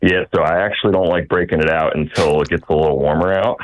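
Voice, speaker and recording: A man's voice: low voice, fairly even intonation, fast talker. A man from the American South, calling in to a radio show with an earnest, hesitant question. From Southern United States. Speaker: caller. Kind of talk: phone-in question. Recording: muffled call-in line.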